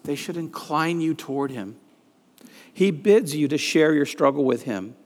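A man's voice: fairly high pitch, animated, a little slow. A man preaching a sermon, reading scripture aloud with rising emphasis on the pleading lines. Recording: reverberant hall.

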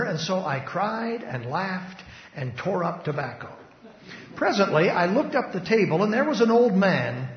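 Male preacher, dramatic recitation, emphatic loud-to-hushed swings, dull lo-fi hall recording. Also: high voice. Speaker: preacher giving testimony. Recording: echoey hall, dull lo-fi sound.

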